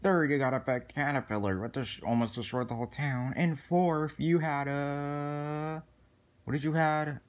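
A man's voice: a little high, fairly even intonation, a little slow, lightly acted. A man doing a bossy, nagging chick dad. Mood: scolding. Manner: nagging and firm, giving orders. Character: strict, bossy chick father. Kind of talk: hobby home-movie role-play.

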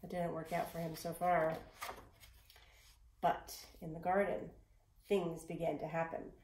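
A woman reading a storybook aloud in an expressive way. She sometimes drops to a whisper and speaks directly to the listener. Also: sits low, a little slow, echoey room.

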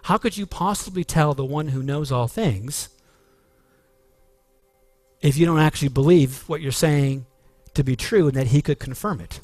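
A man's voice: fairly high pitch, normal speed, a little mellow, dry recording, faint music behind. A man preaching a sermon as pastor, earnest and emphatic, with frequent restarts.

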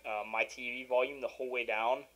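A man's voice: medium pitch, fairly even intonation, a little fast, a bit bright, rough recording. A young man giving casual, rambling commentary over his own gameplay at home, with easy irritation and sarcastic asides. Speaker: gaming video commentator. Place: at home by his game console.

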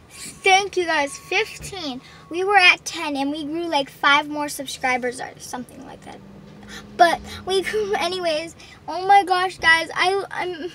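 A woman's voice: very high voice, a little slow, pushed and bright, far from the mic, slight background noise. A young woman vlogging, gushing and tumbling over her words as she thanks her subscribers. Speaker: channel owner. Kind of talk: excited vlog thanks to subscribers.

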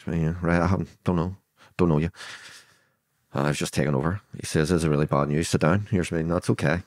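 Older Belfast man, deep and gravel-free, dry close recording, vivid blunt storyteller who voices each speaker. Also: brisk, darkish tone, no echo. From Northern Ireland. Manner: vivid retelling that acts out quoted dialogue; blunt, swears freely. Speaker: guest. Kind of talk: storytelling interview.

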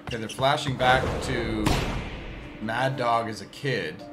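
A man giving casual, excitable reaction commentary on a sports anime, breaking into cheers at big plays. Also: medium pitch, measured pace. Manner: excited outbursts cheering the play. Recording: music playing behind.

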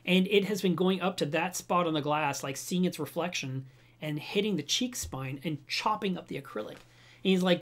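A man hosting a home livestream about reef aquariums, chatting casually to his webcam and telling stories in an animated way. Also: sits high, moderate pace. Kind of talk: casual livestream chat, reading viewer comments.

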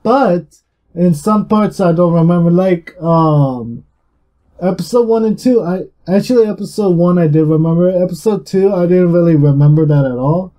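A man's voice: high-pitched, normal speed. Profane, rambling young man gaming. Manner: talks louder and more energetic than usual. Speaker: gaming YouTuber. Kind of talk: casual gameplay commentary.

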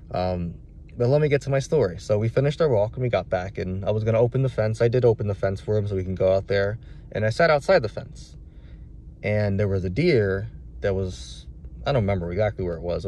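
A man's voice: on the low side, a little mellow, a little hiss or hum. A young adult man, a dog trainer, telling a story in a casual vlog, rambling and candid with many restarts.

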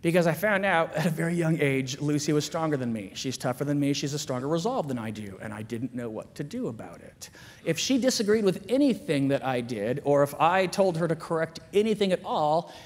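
A man giving a candid, self-mocking, animated storytelling talk at a school chapel. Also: a little high, fairly quick. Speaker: chapel speaker. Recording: long reverb of a large chapel.

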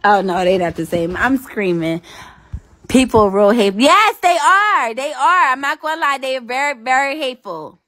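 A young woman talking to her livestream viewers with a high, bright voice that swings widely up and down. She trash-talks brashly and swears freely. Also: animated, moderate pace. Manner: brash, profane trash talk. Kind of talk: casual livestream chat with viewers.

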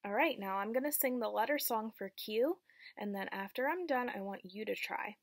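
A young woman teaching a preschool phonics lesson, slow and encouraging, asking children to repeat after her. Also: mid-range voice, lively intonation, gravelly, no echo, studio quality.

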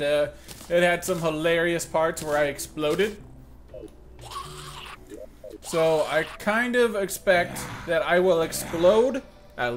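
A young man talks through a video game in a casual, joking commentary, often breaking into sudden loud yelps of alarm. His voice sits a little high, and faint background music plays underneath him. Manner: excitable and self-mocking, jumps to loud outbursts. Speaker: gaming channel host.

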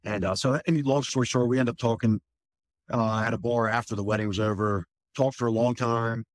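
A firefighter with a mid-range male voice tells a candid personal story in an interview, speaking briskly in a steady tone. He rambles, using plenty of fillers and swearing, and the recording has no echo.

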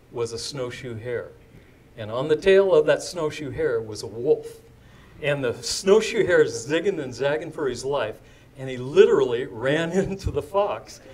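A man's voice: medium pitch, darkish tone. An older man telling a story to a live audience, chatty and digressive, with asides to the crowd. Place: indoor event before a live audience.

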